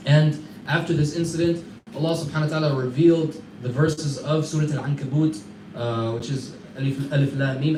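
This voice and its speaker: Man, class teacher, slightly high voice, casual animated storyteller; distant mic in a noisy echoey room. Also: normal speed. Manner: casual animated retelling with Arabic fillers.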